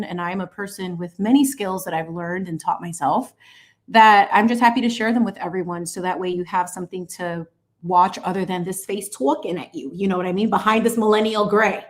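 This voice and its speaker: Late 30s woman chatting away while she paints on a livestream, lively and talky. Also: medium pitch. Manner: chatty, animated, greets chat viewers with squeals. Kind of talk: casual chat while painting live.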